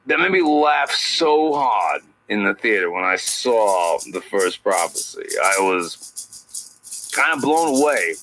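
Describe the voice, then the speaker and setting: A man's voice: mid-range voice, low-quality recording. A man hosting a satirical podcast, rambling through his questions with many restarts. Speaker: podcast host.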